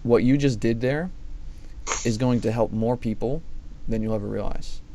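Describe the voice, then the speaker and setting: A man's voice: mid-range voice, moderate pace, warm tone. A man interviewing a gym member, earnest and encouraging, often framing questions with "let's say". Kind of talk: friendly recorded interview.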